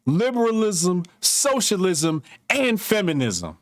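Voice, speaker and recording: A man co-hosting a casual podcast, talking in a profane, animated storytelling way. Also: sits high, slow pace, dry recording, studio quality. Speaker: podcast co-host.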